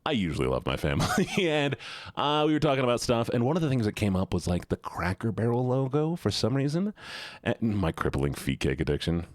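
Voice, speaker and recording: A man's voice: medium pitch, sing-song, brisk, dry recording, clean studio sound. A man streaming as a VTuber, chatting casually with his viewers in a rambling, joking, self-mocking way.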